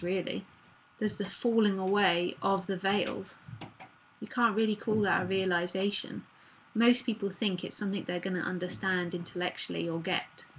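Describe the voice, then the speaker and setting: A woman's voice: medium pitch, a little hiss or hum, low-quality recording. A woman giving a live spiritual talk in a casual, chatty manner that circles back and repeats itself. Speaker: spiritual teacher.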